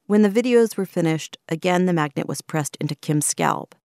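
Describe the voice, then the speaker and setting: A woman hosting and narrating a documentary in a measured, reflective way. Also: on the low side, mellow, no echo, studio quality. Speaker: host and narrator.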